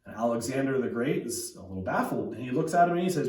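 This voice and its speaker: A man's voice: medium pitch, big pitch swings, quick pace, hardly any pauses, darkish tone. Guy pastor giving a chatty sermon, lots of restarts and "right?", mic kinda far away in a roomy space. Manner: conversational, with many restarts and tag questions. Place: church.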